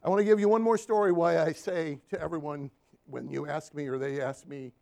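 A man's voice: a little high, fairly quick, gravelly. A man preaching a sermon, telling stories from his counseling work and asking the congregation for amens. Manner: animated storytelling with call-and-response amens.

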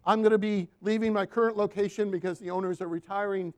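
High-voiced man preaching a sermon. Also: steady tone, fast. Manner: storytelling, asks the room for "Amen?". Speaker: Christian counselor and guest preacher. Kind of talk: sermon with slides.

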